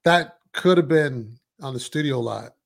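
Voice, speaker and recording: A man's voice: mid-range voice, a little slow, gravelly, breathy edge. A man co-hosting a casual movie review, hesitant and searching for words. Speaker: podcast co-host.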